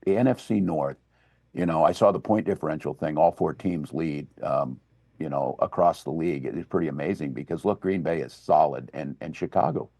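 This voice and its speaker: An excitable older man with a very low voice, telling stories in a relaxed chat. His voice is dry and close, with no room sound. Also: fairly quick, vocal fry, no echo. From Minnesota. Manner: excitable, storytelling, laughs easily. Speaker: governor and guest. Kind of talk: casual chat.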